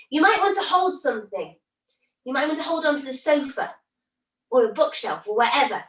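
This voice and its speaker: A woman guiding a children's yoga class through a story in a high, slow-paced voice. She is animated and often gasps with wonder. She sounds distant, in a roomy, echoing space. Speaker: kids yoga teacher.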